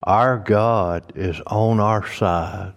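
A man preaching a sermon, slow and emphatic, rising loud when he reads scripture aloud. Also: on the low side, steady tone. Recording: long hall reverb.

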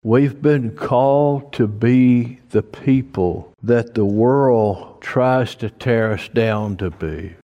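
Man preaching slow and emphatic, big reverb like a church hall. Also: mid-range voice, dull audio. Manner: slow, emphatic preaching that rises loud for scripture readings. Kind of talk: sermon.

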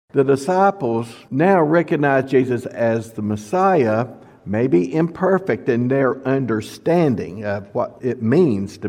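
A man's voice: mid-range voice, darkish tone. A man teaching from the Bible in a sermon, reading scripture and adding plain storytelling asides for his listeners. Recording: long reverb of a hall.

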